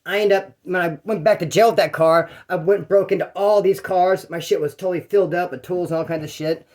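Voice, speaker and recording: A man rattles off a rambling, profane story at a quick clip, jumping in and out of other people's voices. His voice sits high for a man. He speaks casually, with no polish. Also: fairly even intonation, darkish tone. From California. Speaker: former prisoner telling stories.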